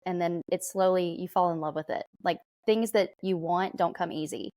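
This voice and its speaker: A woman's voice: on the low side, fairly even intonation, normal speed, a little mellow, no echo. A young adult woman from southern Alabama with a Southern twang, telling her story candidly as a podcast guest. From southern Alabama, USA. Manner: candid storytelling, light laughs. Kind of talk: conversational interview.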